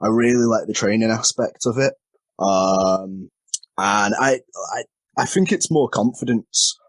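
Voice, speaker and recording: Man, low husky voice, candid self-deprecating chat, laughs often, dry close sound. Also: measured pace, no room sound. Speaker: wrestler and podcast guest. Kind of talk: casual chat. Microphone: remote call.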